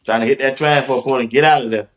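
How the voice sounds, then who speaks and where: A man's voice: medium pitch, fairly even intonation, racing, highs cut off. A man hosting a sports talk show, laid-back, laughing along and asking questions. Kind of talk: casual sports chat.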